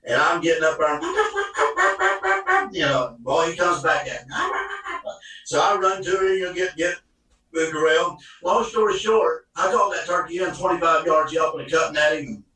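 A man's voice: a little high, fairly quick, faint music behind. Folksy man in an echoey room. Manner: folksy and animated, colloquial. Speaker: hunting guest telling a story. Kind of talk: casual storytelling. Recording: echoey room, mic at a distance.

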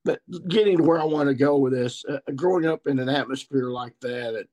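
A man's voice: medium pitch, brisk, a little mellow. Folksy Ozarks man in his sixties. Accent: Ozarks Missouri. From Missouri. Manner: folksy, rambling country storyteller. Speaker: guest turkey hunter. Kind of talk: podcast storytelling.

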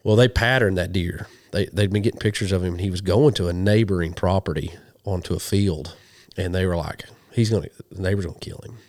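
Deep-voiced man telling hunting stories. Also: a little fast, dry recording. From western Oklahoma. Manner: animated storyteller, quotes people in dialogue. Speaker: guest, hunting show host. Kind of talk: casual storytelling interview.

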